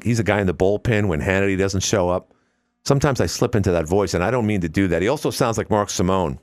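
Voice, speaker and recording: A man hosting a call-in radio talk show, rambling and wisecracking between callers. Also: low voice.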